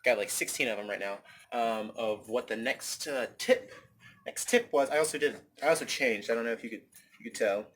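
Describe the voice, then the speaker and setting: A man ranting casually into his phone outdoors in the wind, rambling, animated, swearing freely and repeating himself. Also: mid-range voice, fairly quick. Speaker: vlogger. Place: outdoors, windy.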